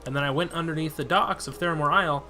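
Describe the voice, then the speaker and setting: Bright-voiced man casually narrating gameplay. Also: a little high, fast, soft background music. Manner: chatty, exasperated, swears freely. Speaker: gaming video host. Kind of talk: casual let's-play commentary.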